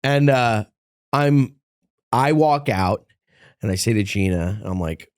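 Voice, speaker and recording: A man's voice: fairly low pitch, measured pace, dry recording, studio quality. A man hosting a casual podcast, telling a long story and acting out the lines of the people in it. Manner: animated storyteller, acts out quotes. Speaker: podcast host. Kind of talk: casual chat.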